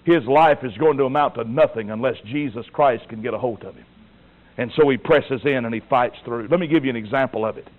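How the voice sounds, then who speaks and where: A man preaching a sermon with passion, firing rhetorical questions and swinging between hushed tones and shouts. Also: mid-range voice, brisk. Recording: tinny, phone-like lo-fi recording.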